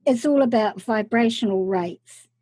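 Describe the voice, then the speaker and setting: Woman host, husky and mellow, calm and matter-of-fact. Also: a little high, a little slow, dry recording. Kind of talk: interview chat.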